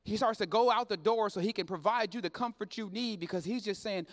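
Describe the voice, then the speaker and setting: A man preaching a sermon in church, dropping low and quiet then building up loud and fervent. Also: brisk, few pauses, in a large hall. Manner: swings from low and quiet to loud and shouting, plain Southern-leaning speech.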